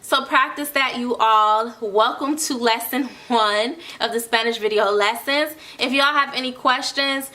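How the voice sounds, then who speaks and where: A young woman tutoring Spanish in a casual online lesson, encouraging and slowly repeating phrases for learners. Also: a little high, sharp tone.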